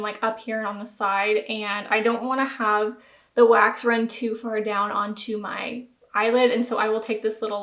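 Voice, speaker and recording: In a voice on the high side and a little bright, a young beauty vlogger with a light American Southern accent walks through a home beauty tutorial. She chats casually and pokes fun at herself, and the recording has a roomy echo.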